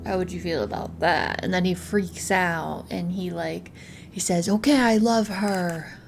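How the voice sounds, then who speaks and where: A woman's voice: on the low side, fairly even intonation, measured pace, vocal fry, faint music behind. A young woman commenting on a game in a playful, rambling, casual way. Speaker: game streamer. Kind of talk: casual let's-play commentary.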